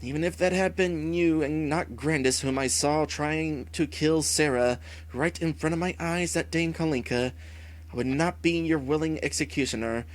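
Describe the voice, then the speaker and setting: A man voicing a calm, merciful young male hero who speaks in a measured, earnest way. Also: a little high, natural voice.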